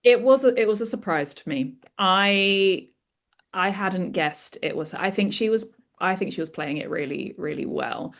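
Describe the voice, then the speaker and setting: A woman's voice: medium pitch, animated, moderate pace, vocal fry. A woman guest co-hosting a podcast, chatting casually and enthusiastically about a TV show. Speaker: guest co-host.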